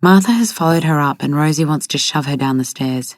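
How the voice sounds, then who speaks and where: A woman narrating an audiobook in a steady, even way. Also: low voice, fairly quick, no echo, clean studio sound.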